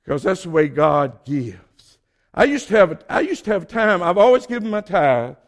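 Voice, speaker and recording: Older Georgia man, Southern accent, high-pitched preacher voice, emphatic sermon delivery. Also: sing-song, normal speed. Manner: emphatic preaching, swings between quiet asides and loud exhortation. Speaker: pastor.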